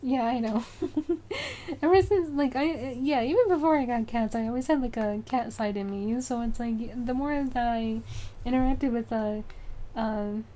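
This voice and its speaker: A woman's voice: on the high side, moderate pace, warm tone. A young woman streaming, chatting casually and rambling with lots of fillers. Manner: rambling, many fillers, frequent laughs.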